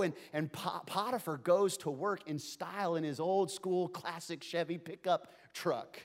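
A man's voice: high-pitched, a little slow. A man preaching a sermon in a conversational, joking style that swings between playful asides and earnest points. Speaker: pastor.

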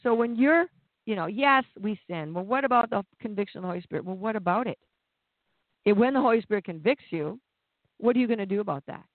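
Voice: mid-range voice, no echo. Preacher, conversational sermon, plain-spoken, restarts, tinny phone-like sound, dry.

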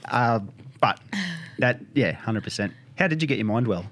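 A man hosting a podcast in relaxed chat, agreeing often and bouncing back with quick remarks. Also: mid-range voice. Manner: agreeable, quick back-and-forth, lots of yeah and you know. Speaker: podcast host. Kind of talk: casual chat.

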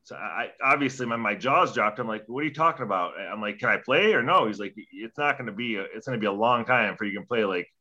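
A man's voice: fairly low pitch, lively intonation, fast talker, few pauses, bright, forceful tone, lo-fi sound. A young man, a former hockey player, telling a story in a casual interview, profane and rambling, acting out quoted dialogue.

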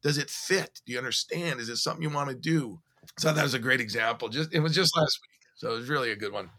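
Bright-voiced man telling a story. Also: medium pitch, fast. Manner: animated storyteller, recounting conversations. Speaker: podcast co-host. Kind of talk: casual podcast conversation.

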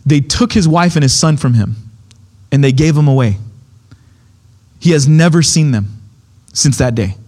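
A man's voice: fairly high pitch, moderate pace, long pauses, a little mellow. A young adult man preaching a sermon, telling a story in a casual way and acting out the voices of the people in it. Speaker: pastor.

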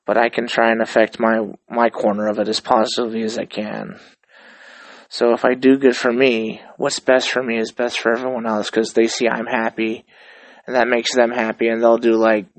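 Man, 30s, solo host; relaxed, profane, reflective ramble; dry recording. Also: mid-range voice, no echo, rough recording. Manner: loose, profane, reflective and upbeat. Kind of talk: casual rambling monologue.

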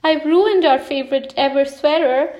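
A woman's voice: high voice, big pitch swings, a little slow, pitched above the performer's own voice. A woman voicing an eager, childlike little bear cub boy in a read-aloud storybook. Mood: tearful. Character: small excitable young bear cub boy.

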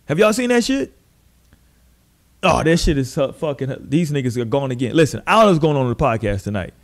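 A man hosting a podcast, telling stories in casual, profane, animated chat and mimicking the people he describes. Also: medium pitch, a little fast. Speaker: podcast host.

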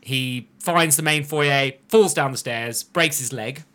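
Male podcast host, bright tone, lively storyteller. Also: mid-range voice, slow. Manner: animated storyteller, slips into character voices. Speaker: podcast host recapping an anime. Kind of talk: casual chat.

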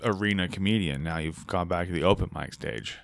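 A man's voice: low voice, fairly quick, creaky, a bit bright, no room sound. A man in casual podcast chat, joking around and swearing, slipping into put-on voices. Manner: jokey, puts on voices for bits, swears.

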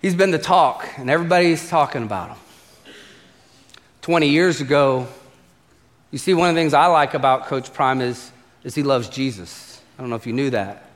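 A man's voice: normal speed, pauses often. Man preaching in a reverberant hall. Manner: conversational preaching, repeats key phrases for emphasis; drops to a quiet, low voice on serious points. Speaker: pastor. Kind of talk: sermon. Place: church auditorium. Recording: long hall reverb from a church.

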